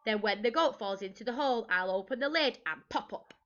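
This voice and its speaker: A woman's voice: fairly high pitch, lively intonation, a little fast, a bit bright, dull audio. A woman voicing a hungry male troll who turns timid, speaking in a small voice, in a storybook reading. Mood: pleased.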